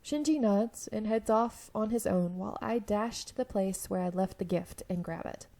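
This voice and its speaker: A young woman with a slightly hoarse throat, reading an otome game aloud and often stopping to laugh and comment. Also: mid-range voice, normal speed, warm tone. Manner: giggly, breaks off to laugh and comment. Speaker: let's-play video creator.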